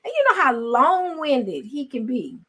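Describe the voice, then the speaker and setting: Lively high-voiced woman telling stories. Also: a little slow. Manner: animated storytelling, acting out quarrels. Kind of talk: casual chat.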